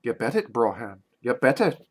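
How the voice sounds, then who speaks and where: A drunk man putting on a low, hushed, portentous voice at the end of his review vlog. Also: expressive, a little slow, breathy edge. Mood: solemn. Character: man doing a low, solemn, dramatic voice.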